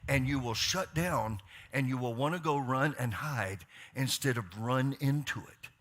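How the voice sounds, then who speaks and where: A male pastor preaching a sermon, speaking warm encouragement to the congregation. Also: medium pitch, unhurried. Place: church stage.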